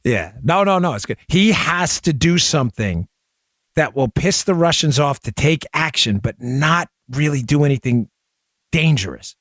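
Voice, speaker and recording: A man hosting a talk show, speaking rapidly and emphatically and addressing listeners directly on a close studio mic. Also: fairly high pitch, lively intonation, fairly bright tone, no echo. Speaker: show host. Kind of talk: opinion talk show monologue.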